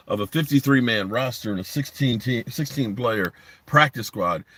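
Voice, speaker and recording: A man's voice: lowish voice, a little hiss or hum. A man hosting a sports podcast live stream from a parked driveway, talking bluntly and rambling while reading comments from his chat.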